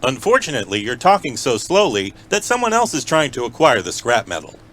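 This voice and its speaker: A man making a prank phone call in a deadpan mock automated phone-menu voice. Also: mid-range voice, brisk. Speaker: prank caller.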